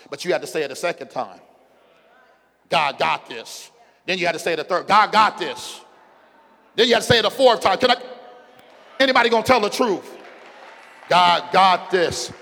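Middle-aged man preaching in a church, raised pitch, big swings between hushed and shouted, reverberant room. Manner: preaching with call-and-response, surging from low asides to loud shouted emphasis. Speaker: pastor. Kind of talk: sermon. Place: church sanctuary. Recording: long hall reverb.

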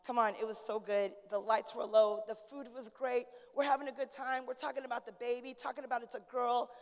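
A woman pastor in her forties, preaching a lively, conversational sermon in a church and calling out to the congregation. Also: on the high side, fairly quick. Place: church sanctuary. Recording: church hall with long reverb.

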